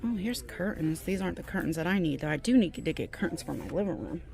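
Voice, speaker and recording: A woman's voice: on the low side, lively intonation, fast, vocal fry, darkish tone, soft background music. Chatty rambling woman vlogging on her phone. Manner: rambling, chatty, jumps between topics. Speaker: YouTuber. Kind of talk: casual vlog chat while shopping.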